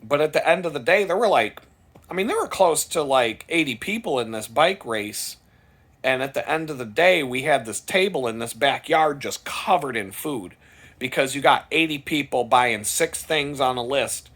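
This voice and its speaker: A man telling a rambling, profane story in a casual vlog. He gets louder and higher as it builds. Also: lively intonation, moderate pace. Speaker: vlogger.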